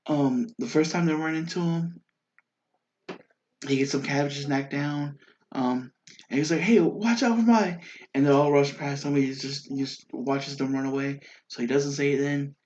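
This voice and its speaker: A man's voice: medium pitch, normal speed, slight background noise. A man giving a casual, enthusiastic spoken review, rambling with lots of fillers and restarts. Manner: excited and enthusiastic. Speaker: YouTube show reviewer. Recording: dull lo-fi sound.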